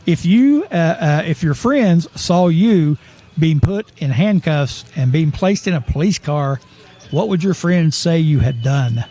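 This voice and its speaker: A man's voice: a little high, lively intonation, unhurried, warm tone. A man hosting a casual sports talk show, rambling and chuckling as he tells stories. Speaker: host.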